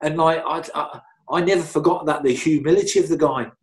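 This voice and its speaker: A middle-aged man, appearing as an interview guest, tells long, easygoing anecdotes in a chatty, rambling way, full of "you know"s, restarts, and filler phrases as he circles back. His voice is a little high and brisk.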